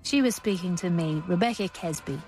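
A woman's voice: lowish voice, darkish tone, soft background music. Composed woman presenting a radio documentary. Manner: measured, composed delivery. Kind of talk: documentary narration and interviewing.

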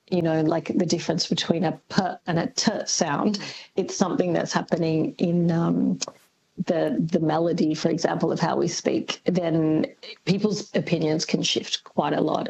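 A woman's voice: fairly low pitch, gravelly, a little mellow, husky, muffled recording. A woman linguist, answering radio interview questions thoughtfully with many ums and restarts. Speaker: linguist guest.

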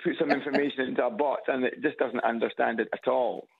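A man's voice: medium pitch, steady tone, quick pace, creaky, slightly rough. A middle-aged man with an Edinburgh Scottish accent, calling in to a radio chat show, speaking hesitantly with small restarts and chuckling at his own jokes, heard over a phone line. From Scotland. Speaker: caller. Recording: tinny phone line on loudspeaker.

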